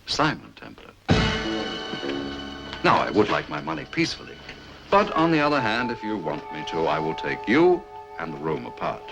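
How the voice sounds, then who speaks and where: A suave man with a very deep voice plays a scene in a 1960s TV drama. He speaks with ironic, theatrical flourish and a lively rise and fall. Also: normal speed, creaky, long pauses, over music, rough recording. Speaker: gentleman adventurer.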